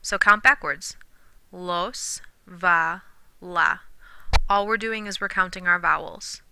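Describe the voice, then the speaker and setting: A woman teaching a recorded language lesson, patiently explaining grammar and slowly sounding out example words. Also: fairly low pitch, background noise. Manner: clear, patient explaining with slow modeled pronunciations; drops to a whisper when counting syllables. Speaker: Spanish teacher.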